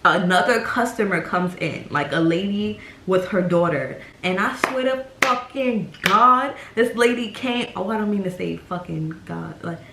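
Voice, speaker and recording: Animated young woman in an echoey room. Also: medium pitch, unhurried, few pauses, a little hiss or hum. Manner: animated, profane, acts out voices. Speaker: YouTuber telling a story. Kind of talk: casual story time.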